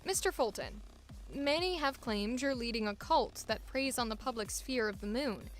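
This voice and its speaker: A woman voicing a composed female TV host, reading in a measured newscaster delivery. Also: on the high side, soft background music, lightly acted. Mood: probing. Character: composed female TV host interviewing a cult leader.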